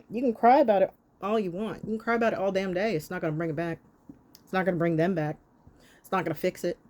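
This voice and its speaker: A woman's voice: mid-range voice, a little mellow. A woman giving a tarot reading straight to the camera. She scolds her listeners bluntly, swears freely, and hammers her points home with short repeated lines. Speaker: tarot reader.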